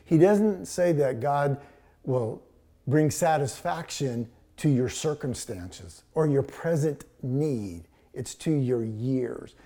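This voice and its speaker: An older man, a pastor with grandchildren, preaching a sermon, telling a story and then slowing down to stress words, sometimes dropping close to a whisper. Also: medium pitch, dark tone. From Texas.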